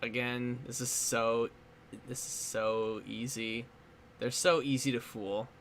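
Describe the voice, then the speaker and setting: A man's voice: medium pitch, flat delivery, slow, fairly bright tone, a little hiss or hum. A man hosting a casual movie commentary, chatty and playful, laughing often. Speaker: commentary host.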